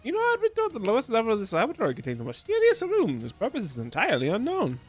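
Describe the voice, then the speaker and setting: A man's voice: very high voice, wildly swooping pitch, rapid-fire, slightly rough, soft background music, pitched above the performer's own voice, full character voice. A man voicing an eager, scholarly middle-aged woman professor who explains things earnestly. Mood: explaining.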